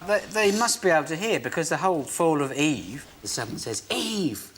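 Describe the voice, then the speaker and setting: A man's voice: fairly high pitch, very animated, fairly quick, noisy background. A man, a comedian on a panel show, telling bawdy comic stories.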